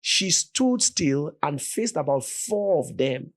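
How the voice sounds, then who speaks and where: A Nigerian man recounts a memory as a podcast guest and acts out the voices he remembers. He speaks with a somewhat high voice that rises and falls dramatically with the tension of the tale. His delivery is vivid and animated throughout. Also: takes it slowly. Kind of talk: dramatic storytelling in conversation.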